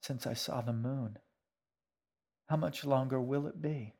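A man voicing a quiet, curious girl, asking soft questions in a raised voice. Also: medium pitch, fairly even intonation, measured pace, vocal fry, pitched above the performer's own voice. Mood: wistful.

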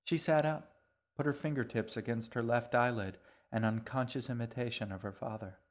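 A man narrating his own story in a calm, even way. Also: mid-range voice, normal speed. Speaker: author and narrator. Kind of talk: scripted narration.

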